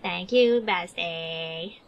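A woman's voice: on the low side, very slow, creaky, lo-fi sound, a little hiss or hum. A woman streamer in a playful role-play chat, putting on valley girl talk and cooing over her dog.

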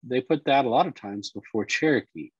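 A man teaching Cherokee words and culture, explaining slowly and repeating each word. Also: mid-range voice, husky, no room sound, dull audio. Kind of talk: explanatory lesson talk.

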